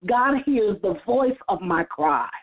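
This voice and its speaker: A woman's voice: medium pitch, very animated, takes it slowly, slightly rough. A woman on a church roundtable sharing testimony in an earnest, casual way, often repeating words as she starts a thought. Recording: tinny phone-like line.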